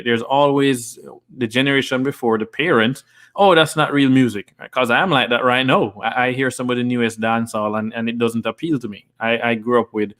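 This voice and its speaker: A man's voice: medium pitch, a bit bright. Male host, live stream chat, earnest and persuasive, repeats himself as he builds a point. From Jamaica. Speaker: host and investor. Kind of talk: live stream talk reading viewer comments.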